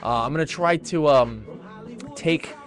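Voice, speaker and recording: A man's voice: fairly high pitch, a little slow. Rambling man hosting home webcam radio. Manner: reads posts aloud with asides and many fillers. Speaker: internet radio host. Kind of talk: casual rambling webcam talk. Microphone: webcam microphone.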